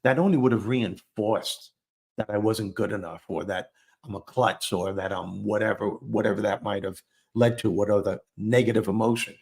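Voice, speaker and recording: A man telling a funny childhood story in a relaxed interview, self-deprecating and animated, acting out the lines he quotes. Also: lowish voice, moderate pace, creaky. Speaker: guest storyteller. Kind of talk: conversational storytelling.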